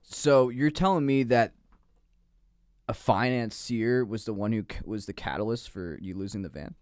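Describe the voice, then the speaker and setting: A man's voice: fairly low pitch, normal speed, darkish tone, dry recording, clean studio sound. A man from Southern California, co-hosting a comedy podcast, laid-back and slangy. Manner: laid-back, says dude a lot. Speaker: podcast co-host. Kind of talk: casual comedy banter.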